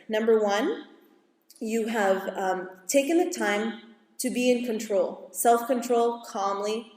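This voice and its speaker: A woman school psychologist giving a calm, explanatory parenting talk to an audience, now and then acting out what parents and kids say. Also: a little high. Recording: echoey hall from far off.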